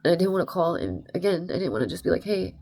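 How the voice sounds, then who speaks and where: A woman's voice: lowish voice, big pitch swings, quick pace, vocal fry, dark tone. A young adult woman telling a rambling, emphatic story in a casual vlog, full of "like" and "right?". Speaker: vlogger.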